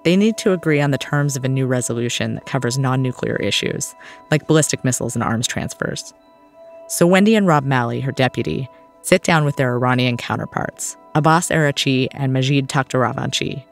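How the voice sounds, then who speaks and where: A man's voice: medium pitch, fairly quick, vocal fry, soft background music. A man hosting a podcast, telling a story in scripted documentary narration with a wry touch. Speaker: podcast host.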